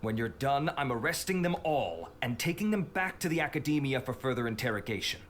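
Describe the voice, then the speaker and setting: An actor playing a stern, businesslike officer in a game. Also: male voice, medium pitch, very animated, brisk, a little hiss or hum, natural voice. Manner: formal, businesslike. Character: stern male officer, formal and dutiful.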